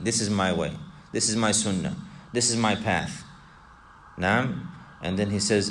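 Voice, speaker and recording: A man's voice: lowish voice, moderate pace, a bit bright, slight background noise. A man teaching an Islamic text to a class, reciting Arabic, repeating points and putting questions to his students. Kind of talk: classroom lesson explaining a text.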